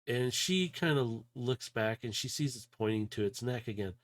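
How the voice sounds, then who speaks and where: A man's voice: medium pitch, normal speed. A man running a tabletop game as game master, narrating loosely with fillers, sounding a bit unwell. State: unwell, coughing.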